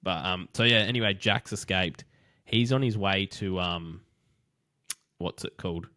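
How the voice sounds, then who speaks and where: A man recapping a TV show in casual chat, acting out scenes in quick quoted voices. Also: sits low, pushed and bright, no room sound, studio quality. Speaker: podcast co-host.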